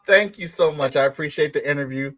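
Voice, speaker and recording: A man's voice: fairly high pitch, fast, fairly bright tone, no room sound. Easygoing man as an interview guest. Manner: grateful, easygoing, many fillers. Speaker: comic book creator guest. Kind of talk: casual interview answers.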